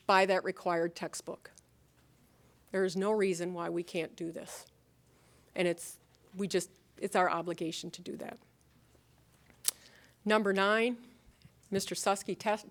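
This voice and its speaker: A middle-aged woman with an Upper Midwest American accent, giving a college president's convocation address in an earnest, rallying way, using rhetorical questions and light humor. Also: medium pitch. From Upper Midwest of the United States.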